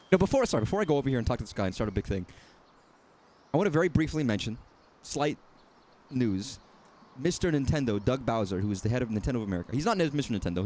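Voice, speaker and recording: A man's voice: on the low side, dark tone. A man casually commenting while playing a game, talking in a rambling, self-correcting, wry way. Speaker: streamer.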